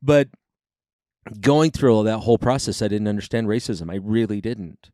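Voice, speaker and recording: A man's voice: on the low side, moderate pace, no room sound, studio quality. A man in his forties hosting a podcast, telling stories in casual chat with swearing and acted-out quotes. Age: 40s. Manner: animated, swearing, acts out quotes. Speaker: podcast host.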